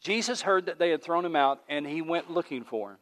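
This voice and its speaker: Male pastor, slightly high voice, emphatic repetitive sermon delivery, long church-hall echo. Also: lively intonation, fairly quick, fairly bright tone. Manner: emphatic, repetitive preaching cadence with rising builds. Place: church sanctuary, livestreamed.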